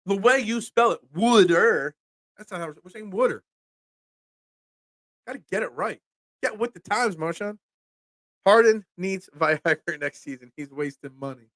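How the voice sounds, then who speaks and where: A man's voice: sits high, normal speed, fairly bright tone, no echo, studio quality. A young man with a Philadelphia accent, hosting a casual sports talk show and getting worked up, repeating words when riled. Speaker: podcast host.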